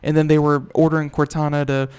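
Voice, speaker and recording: A man's voice: a little high, little pitch movement, fast, a little mellow, smooth. A man hosting a computer talk show, chatting casually and rambling with many fillers and restarts. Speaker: radio talk show host. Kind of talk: casual chat.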